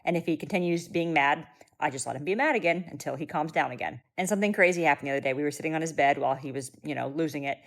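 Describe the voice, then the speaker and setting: A woman's voice: deep voice, very fast. A young adult woman, a mother, giving direct and practical cooking and parenting tips to camera.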